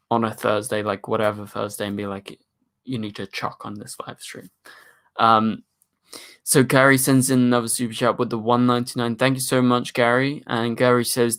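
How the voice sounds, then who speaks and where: A man with a British accent and a deep voice, hosting a live stream in a casual, chatty way and answering viewer questions into a microphone. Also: fairly bright tone, smooth. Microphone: studio microphone.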